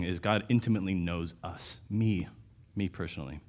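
Pastor, male, very deep voice; casual sermon delivery, restarts, punchy emphasis. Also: moderate pace. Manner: conversational, with restarts and sudden louder emphasis.

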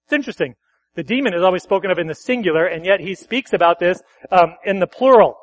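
A pastor preaches expressively and fast at a church service, speaking conversationally, correcting himself and asking the congregation questions. His male voice sits high; the audio is dull with no room sound.

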